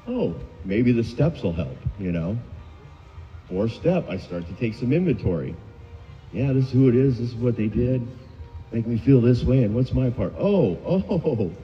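A man's voice: medium pitch, a little hiss or hum. Candid middle-aged man telling a recovery story. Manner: candid, self-mocking storyteller. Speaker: recovery meeting speaker. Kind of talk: personal recovery story share. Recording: dull, echoey hall sound.

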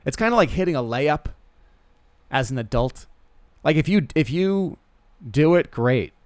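A man's voice: on the high side, expressive, measured pace, darkish tone, no echo. A young man hosting a podcast, telling rambling self-deprecating comic stories with lots of stammered restarts. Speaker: podcast host. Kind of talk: casual comedic monologue.

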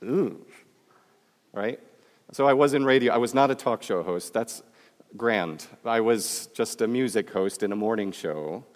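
A Michigan man with a Midwestern American accent delivers a public talk in a conversational, joking way, addressing the audience directly. His voice is fairly low in pitch at a measured pace, trailed by a long reverb tail.

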